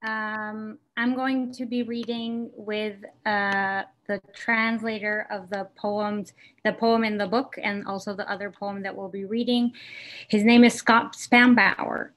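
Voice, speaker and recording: A woman poet giving a poetry reading of her own work in a measured, deliberate way. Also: medium pitch.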